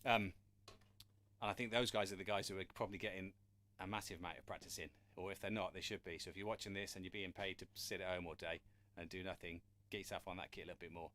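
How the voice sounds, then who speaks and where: Male drum tutor on a live stream, friendly and chatty, lowish voice, some distance from the mic. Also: steady tone, fast talker, fairly bright tone. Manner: chatty, encouraging, asks viewers for questions. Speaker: drum teacher. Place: room with a drum kit. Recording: drums and counting heard behind.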